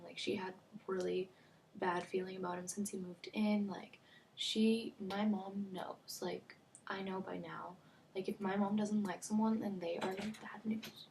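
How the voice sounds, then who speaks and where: Speaking at a measured pace in a gravelly mid-range voice with fairly even intonation, a young female vlogger shares a storytime. She's chatty, leans on "like" constantly, and often sinks to a near-whisper. Faint background noise is audible.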